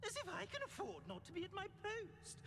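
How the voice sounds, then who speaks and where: A man's voice: very high voice, wildly swooping pitch, a little fast, creaky, exaggerated voice. An actor playing a fussy, aristocratic male portrait in a video game, speaking theatrically with rolled R's and a voice that swoops up and down. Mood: indignant.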